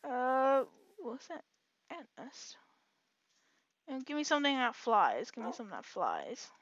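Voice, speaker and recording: A woman giving casual, excitable let's-play commentary, chatting to herself and her audience as she plays. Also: high voice, measured pace, no room sound, muffled recording. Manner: excitable, chatty, talks to herself while playing. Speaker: gaming channel host.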